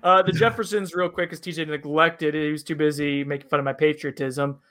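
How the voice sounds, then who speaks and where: A man's voice: on the high side, steady tone, fairly quick, a bit bright. A man co-hosting a casual bourbon review chat, rambling and self-deprecating, with lots of fillers.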